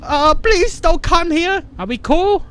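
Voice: very high-pitched, animated, slow pace, fairly bright tone. A gamer giving frantic, panicky commentary on a horror game, swearing constantly. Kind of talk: let's play commentary.

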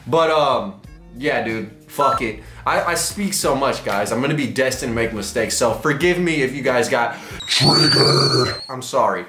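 A man's voice: mid-range voice, lively intonation, measured pace, over music. Slangy young man in an echoey room. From Texas. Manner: rambling, slangy, jokey. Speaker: vlogger. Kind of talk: casual unboxing vlog.

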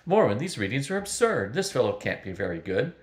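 A man's voice: medium pitch, fairly quick, close to an everyday voice. A grandfather reading as a distracted, bookish male wizard whose voice lifts and bounces with curiosity. The reading sits in a roomy, echoing space. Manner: distracted, fussy and lively. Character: absent-minded scholarly male wizard.

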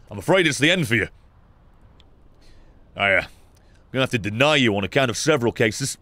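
A young man giving sarcastic, swearing commentary while playing a game, with sudden loud outbursts. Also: medium pitch, animated, brisk, dry recording. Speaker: gaming YouTuber. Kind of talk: let's play commentary.

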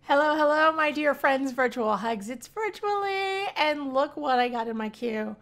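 Excitable high-voiced woman gamer. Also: normal speed. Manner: excitable, squeals and laughs often. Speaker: gaming channel host. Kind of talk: casual let's-play commentary.

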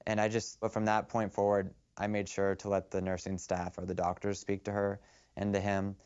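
A young man speaking in a documentary interview, recalling events quietly and haltingly with frequent restarts. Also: on the low side, monotone, clear, resonant tone. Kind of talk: documentary testimony. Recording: slightly muffled film audio.

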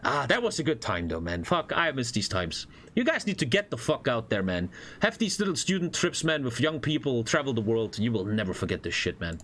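A young German man with a German accent, chatting casually on a stream and telling animated stories with plenty of swearing. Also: medium pitch, brisk, few pauses, slight background noise. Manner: animated storytelling, swears a lot, acts out voices. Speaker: streamer reacting to a video. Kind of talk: casual reaction stream chat.

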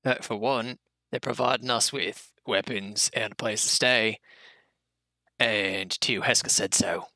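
A man's voice: lowish voice, steady tone, a little slow, sharp tone, dry recording. A man voicing a foul-mouthed goblin guide at a fort, blunt and offhand. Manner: blunt, casual, dismissive.

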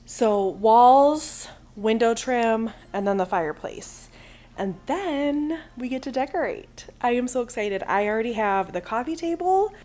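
A woman's voice: a little high, lively intonation, measured pace, warm tone. Chatty woman vlogging from home. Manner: chatty, rambling, upbeat. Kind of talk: casual vlog chat. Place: her own living room at home.

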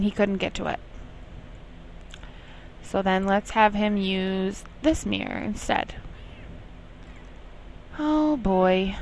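A woman's voice: mid-range voice, a little hiss or hum, poor audio. A young woman casually commenting on her life-sim game, chatting to herself and scolding her characters in exasperated asides. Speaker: gameplay commentator. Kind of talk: casual let's play commentary.

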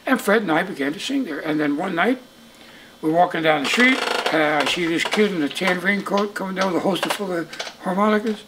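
A man's voice: sits high, fairly quick, noisy background. Older man telling stories. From Brooklyn, New York. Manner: lively anecdotal storyteller, acts out dialogue. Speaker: interviewee musician. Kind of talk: storytelling interview. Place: indoors in Brooklyn.

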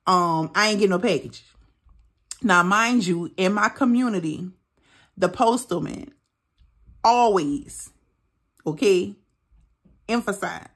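The host of a budgeting channel tells her vlog audience a personal story in loose, casual chat. Her voice is lowish with a breathy edge, and she's emphatic and animated, stressing key words and dropping mild swears along the way.

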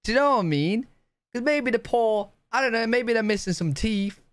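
A man's voice: very high-pitched, expressive, moderate pace, fairly bright tone, no echo. A British man hosting a reaction video, chatting casually, thinking aloud and laughing often. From United Kingdom.

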